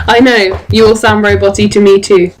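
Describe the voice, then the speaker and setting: A woman running a tabletop game as game master over an online voice call, relaxed and quick to laugh. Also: mid-range voice, background noise. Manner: relaxed, laughs easily, many fillers.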